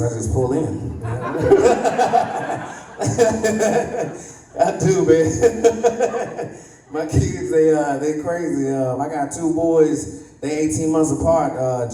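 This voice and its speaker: A man performing stand-up on a club stage, his voice a touch high for a man yet mellow and dark in tone. He often laughs at his own punchlines and slips into put-on voices for the people in his stories. The sound carries the echo of the room, as if picked up from a little way off, with faint ambience behind it. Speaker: stand-up comedian. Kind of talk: stand-up comedy set. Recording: echoey room, voice slightly distant.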